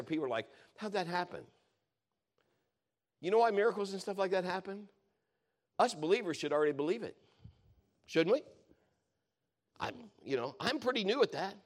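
Guy preaching a long story from the pulpit, chatty and rambling, keeps fixing his words. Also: fairly high pitch. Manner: rambling, self-correcting, conversational storytelling. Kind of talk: sermon testimony storytelling.

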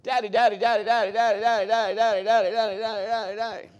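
A man's voice: sits high, flat delivery, very fast, muffled recording, pitched above the performer's own voice, lightly acted. A man voicing a small child insistently pleading with their father. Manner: insistent repetitive whining.

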